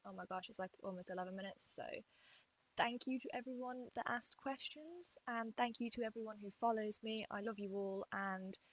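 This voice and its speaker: A woman's voice: on the high side, normal speed, poor audio. Rambling, enthusiastic young woman vlogger. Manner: rambling, self-deprecating, enthusiastic. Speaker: vlogger answering fan questions. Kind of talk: casual Q&A vlog chat. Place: home room at her desk.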